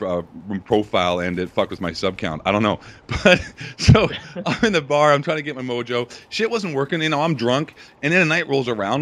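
A man's voice: mid-range voice, fairly bright tone. A young man telling a crude story in casual chat, profane and rambling, laughing often. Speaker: podcast host.

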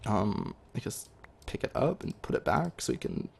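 A young man talking through his game as he plays, chatty and excitable, with lots of ums. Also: fairly low pitch, normal speed, creaky, slight background noise. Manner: excitable, chatty, many fillers. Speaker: gaming video host. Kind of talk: live gameplay commentary.

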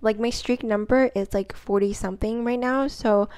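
A woman vlogger explaining a study method in a casual tutorial, rambling with lots of fillers and repeating words for emphasis, sometimes sounding out syllables slowly. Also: on the high side, fairly even intonation, darkish tone. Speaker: language-learning vlogger.

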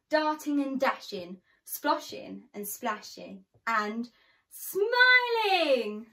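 A woman reading a picture book aloud to children, slow and expressive with a sing-song lilt. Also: fairly high pitch. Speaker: children's storyteller.

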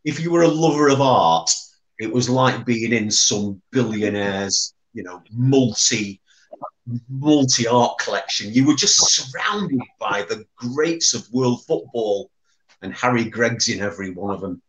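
A man's voice: mid-range voice, unhurried, echoey room, poor audio. A man who chairs a memorial foundation, telling fond anecdotes and often repeating words as he recalls them. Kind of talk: reminiscing anecdote.

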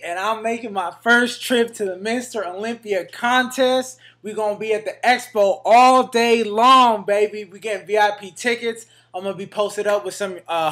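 A fitness vlogger with a high, slightly bright voice talks casually to camera for his fans. Hyped up and full of slang, he has a Northern California accent and throws "man" and "baby" into every line.

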